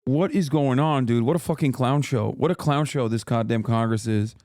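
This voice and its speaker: A man's voice: mid-range voice, normal speed, a little mellow, dry recording, clean studio sound. A man streaming live, reacting to the news in a profane, exasperated rant to his chat.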